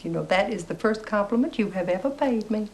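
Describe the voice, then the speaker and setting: A woman's voice: mid-range voice, expressive, a little fast, a little mellow, lightly acted, rough recording. A woman playing a gushing Southern mother. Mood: chatty. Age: middle-aged.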